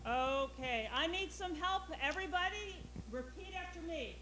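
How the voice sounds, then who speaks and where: A woman's voice: extremely high pitch, expressive, normal speed, noisy background. A woman presenter leading a family class, enthusiastically coaxing the audience to repeat bird calls.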